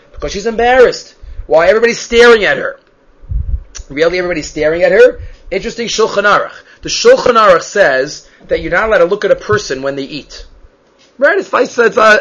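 High-voiced man teaching Talmud. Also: fairly bright tone. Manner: reads Hebrew and Aramaic phrases, then translates them. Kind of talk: explaining a Talmud text. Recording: muffled lo-fi recording.

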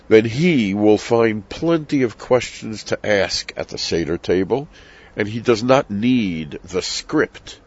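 An older man with a very deep voice teaches about the Passover Seder in an unhurried, storytelling way. His asides have a dry, self-mocking humor. The sound is dull and lo-fi. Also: darkish tone. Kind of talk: reflective spoken teaching.

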